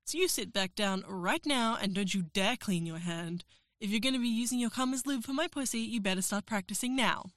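A woman's voice: mid-range voice, normal speed, fairly bright tone, dry recording, clean studio sound. A woman performing an erotic audio role-play as a professor, teasing, coaxing and giving orders.

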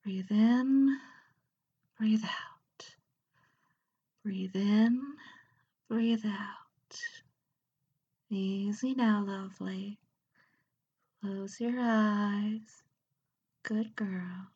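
A woman voicing a calm, teasing, dominant woman, speaking softly and soothingly in a half-whisper. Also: medium pitch, extremely slow, pauses often, breathy edge, lo-fi sound, full character voice.

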